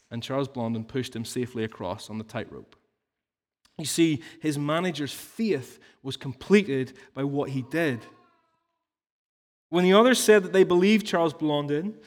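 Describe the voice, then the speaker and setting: A man preaching a sermon in an earnest teaching tone, explaining through stories and rhetorical questions. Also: fairly high pitch. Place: church hall. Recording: long reverb of a large hall.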